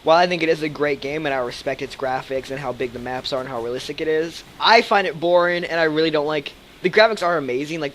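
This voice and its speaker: A man's voice: a little high, a bit bright, slight background noise, low-quality recording. A young man giving live commentary over a shooter game, rambling and thinking aloud with lots of fillers and swearing. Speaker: let's play commentator.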